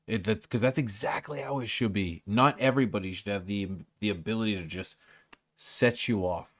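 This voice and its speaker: A man's voice: lowish voice, moderate pace, a bit bright, no room sound. A man hosting a casual interview, chiming in with short affirming remarks. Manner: brief affirming responses. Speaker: host.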